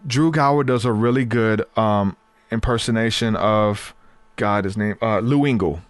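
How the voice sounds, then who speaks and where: A man hosting a podcast, telling a story in a casual, animated way and laughing easily. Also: lowish voice, normal speed, dry recording. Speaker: podcast host.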